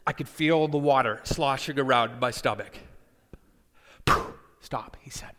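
A man's voice: medium pitch, moderate pace, a little hiss or hum. Man telling a story in a hall. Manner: animated, addresses listeners directly. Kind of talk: storytelling talk.

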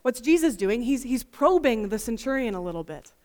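A woman giving an expressive, emphatic Bible teaching full of rhetorical questions. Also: fairly high pitch, a little fast. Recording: long reverb.

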